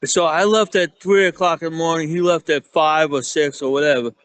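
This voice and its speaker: A man with a New York accent telling rambling, profane stories in a casual chat, often getting excited as he acts out what people said. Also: a little high, a little fast, clear, resonant tone, no room sound. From Staten Island, New York. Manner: profane, rambling, excitable when acting out quotes. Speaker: security guard guest.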